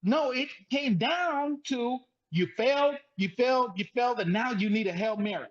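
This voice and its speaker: Animated high-voiced man, lo-fi sound. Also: moderate pace. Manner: animated, repetitive emphatic storytelling. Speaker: sports talk show co-host. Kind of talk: casual sports debate.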